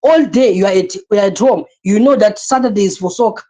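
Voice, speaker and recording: A woman's voice: mid-range voice, fairly quick, dark tone, poor audio. A woman teaching an online class, lecturing with energy, repeating her points and asking the listeners rhetorical questions.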